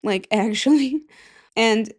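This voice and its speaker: A woman's voice: fairly high pitch, slow. A woman in her thirties hosting a casual solo podcast, rambling and chatty and swearing freely. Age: 30s. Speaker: podcast host.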